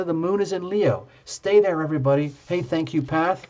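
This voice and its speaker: A man hosting a live tarot stream, chatting with viewers in an excitable, gushing and playful way. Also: fairly high pitch, measured pace. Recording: dull lo-fi stream audio.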